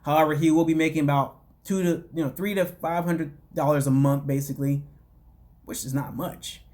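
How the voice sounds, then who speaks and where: A man's voice: a little high, steady tone, a little fast, a little mellow. A man casually recapping a reality show as a podcast host, rambling with lots of fillers and wry, dismissive asides. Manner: rambling, loose, full of "you know" and "like".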